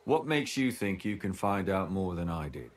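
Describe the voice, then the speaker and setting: A deep, sing-song male voice at normal speed belongs to a video game character. The actor portrays a bitter, worn-out former scribe who names himself a madman.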